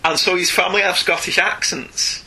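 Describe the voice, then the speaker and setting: A man's voice: sits high, fairly even intonation, moderate pace, a crowd in the background, low-quality recording. A man with a Northern English accent, co-hosting a podcast in casual, wry chat. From Northern England. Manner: chatty, wry, self-mocking. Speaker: podcast co-host.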